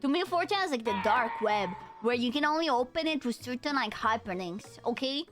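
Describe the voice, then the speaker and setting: A woman's voice: fairly high pitch, expressive, brisk, over music. A young woman with a Romanian accent chatting casually and jokily with her stream viewers, full of slang.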